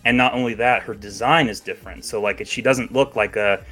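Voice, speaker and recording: A man with a fairly low but bright, forward voice talks about game news in a loose, chatty way. He hedges a lot with filler words and laughs easily. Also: a little fast, soft background music. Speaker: podcast co-host. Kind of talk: casual chat about video games.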